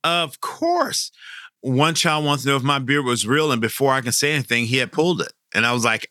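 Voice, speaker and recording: A middle-aged man from Texas, a professional Santa Claus, tells stories in an interview, animated and quick to laugh. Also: no room sound, studio quality. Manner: animated, jumps high when quoting kids, laughs often. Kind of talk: storytelling interview.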